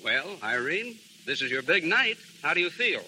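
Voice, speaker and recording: A man's voice: on the high side, big pitch swings, normal speed, pushed and bright, a little hiss or hum, full character voice, poor audio. An actor playing an eager, persuasive young man in a 1930s radio drama. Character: eager, charming young man-about-town.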